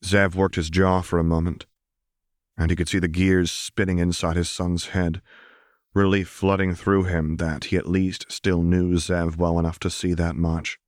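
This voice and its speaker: A man reading a fantasy story aloud as narrator in a steady, even storytelling manner. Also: deep voice, a little slow, dry recording, clean studio sound. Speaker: audiobook reader. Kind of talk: scripted narration.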